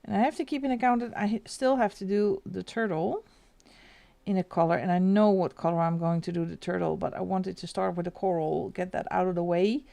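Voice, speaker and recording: A woman's voice: on the low side, steady tone, a little fast, vocal fry, warm tone. A woman whose first language is Dutch, speaking English with a Flemish accent, hosting a live stream and chatting casually while colouring, giggling often.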